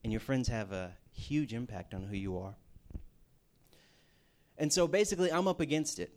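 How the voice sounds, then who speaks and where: A man gives a personal testimony sermon. He preaches like he is chatting, telling his story with jokey asides. His voice sits at an ordinary pitch. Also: lively intonation, normal speed. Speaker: campus ministry speaker.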